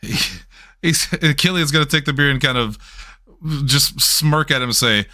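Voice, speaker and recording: A man's voice: mid-range voice, moderate pace, sharp tone. A man playing in a tabletop game, voicing his cowboy with dry, joking delivery. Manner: dry, joking in-character play. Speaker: player. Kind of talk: tabletop role-play.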